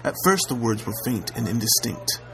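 A man narrating a classic tale aloud in a measured, steady storytelling manner. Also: mid-range voice, creaky, noisy background. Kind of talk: audiobook reading of a classic tale.

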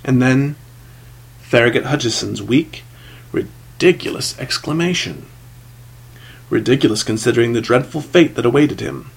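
A man's voice: medium pitch, lively intonation, normal speed, creaky, pauses often, husky, low-quality recording. A man narrating a story from a script, with dramatic, shifting emphasis. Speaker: audiobook narrator.

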